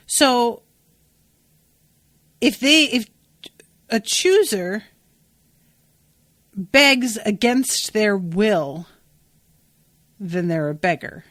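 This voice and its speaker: Woman, podcast host, casual book recap, animated, exasperated, swearing, close mic, dry sound. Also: mid-range voice, extremely slow, long pauses, dry recording.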